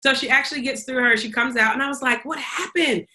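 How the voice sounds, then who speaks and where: A woman's voice: sits high, steady tone, fast, pushed and bright. A woman co-hosting a podcast, telling a story in casual chat, acting out quotes and laughing often. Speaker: podcast co-host.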